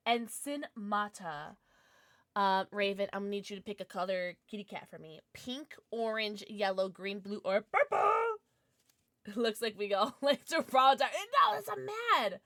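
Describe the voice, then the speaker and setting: A woman's voice: a little high, dry recording, clean studio sound. A young adult woman streaming live and chatting with her viewers, bubbly and giggly, with lots of "like". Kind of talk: casual livestream chat, reading chat.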